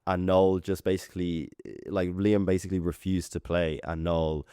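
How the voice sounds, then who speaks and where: Guy cohosting a music podcast, really low voice, smooth, rambly and jokey. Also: moderate pace, dry recording, studio quality. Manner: relaxed, rambling storyteller, jokey. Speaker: podcast co-host. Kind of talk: casual chat about music.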